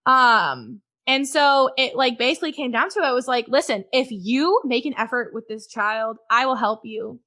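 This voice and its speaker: A woman's voice: on the high side, expressive, moderate pace, few pauses, bright, forceful tone. A woman guest on a podcast, frankly telling a personal story in conversation and swearing freely.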